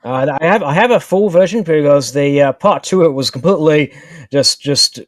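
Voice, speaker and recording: A man talking as a guest on a video call, halting with many fillers while he searches for things. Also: on the high side, expressive, no room sound. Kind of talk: casual video-call chat. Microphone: home computer mic on a call.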